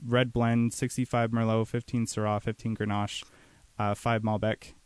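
A young man, a winemaker, is a guest on a radio show, talking in a relaxed, slightly halting way. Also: fairly low pitch, clear, resonant tone, dry recording. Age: young adult. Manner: relaxed, a bit halting, with fillers. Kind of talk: casual radio interview.

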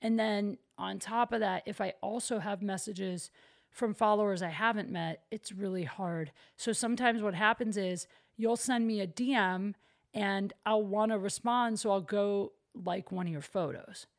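A woman's voice: medium pitch, moderate pace. Young woman, podcast host, apartment, chatty, frequent "like". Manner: chatty, self-deprecating, lots of "like". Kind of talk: casual solo podcast chat. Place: her apartment.

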